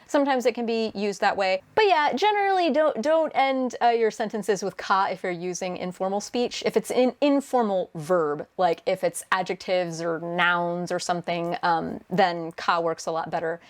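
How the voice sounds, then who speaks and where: Her mid-range voice runs at normal speed with hardly any pauses as she, a young translator and native English speaker, responds to viewer questions on her casual vlog. Chatty and quick to laugh, she relies on lots of fillers and restarts.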